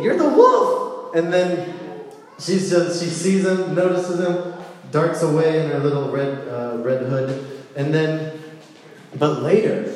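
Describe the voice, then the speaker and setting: A man giving a casual, playful sermon, telling a story with lively asides. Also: on the high side. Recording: echoey hall with long reverb.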